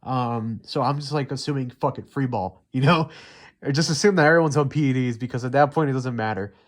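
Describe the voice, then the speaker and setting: A man's voice: medium pitch, brisk. Profane, heated young man ranting. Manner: heated, profane, rambling with many fillers. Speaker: MMA commentary YouTuber. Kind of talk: unscripted ranting commentary.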